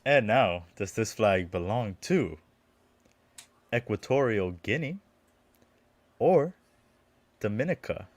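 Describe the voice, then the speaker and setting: A man acting as producer and quizmaster, reading out questions in a measured, plain way. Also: on the low side, lively intonation, no echo. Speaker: producer running a quiz. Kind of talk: casual quiz hosting.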